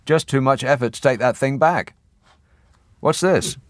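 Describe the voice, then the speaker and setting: A man's voice: mid-range voice, a little slow, no room sound. A man hosting a radio phone-in, chatting wryly and laughing often, on a studio microphone. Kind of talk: casual radio phone-in chat.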